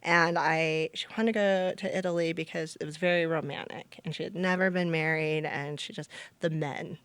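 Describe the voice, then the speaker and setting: Animated woman telling a story. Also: moderate pace, clear, resonant tone, no room sound. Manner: animated, acts out quotes with big pitch jumps. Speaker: nonprofit founder and guest. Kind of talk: conversational storytelling.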